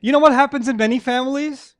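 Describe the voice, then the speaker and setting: A middle-aged man giving an animated religious lecture to a live audience, often asking them questions. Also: very high-pitched, fast talker, dry recording. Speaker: Islamic lecturer.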